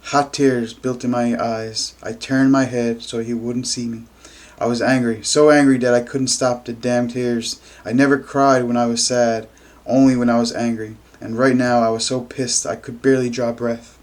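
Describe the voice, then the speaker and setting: A man reading a novel aloud in first person, with steady, even delivery. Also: mid-range voice, moderate pace, few pauses. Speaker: amateur reader.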